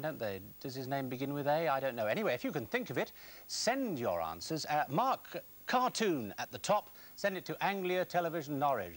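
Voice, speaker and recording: A man interviewing guests in a TV studio, with a brisk, chatty presenter's manner. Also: mid-range voice. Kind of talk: regional TV interview and sign-off.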